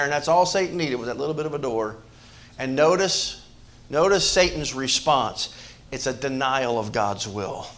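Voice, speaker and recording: Man preaching with a high voice. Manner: animated preaching, swings from loud emphasis to hushed asides; repeats words and restarts phrases. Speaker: pastor. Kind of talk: sermon.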